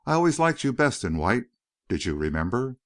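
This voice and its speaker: Storybook earnest young rancher, read by a man, a bit higher than the narration, animated. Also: fairly quick, dry recording, clean studio sound, lightly acted. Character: big warm-hearted young rancher, earnest.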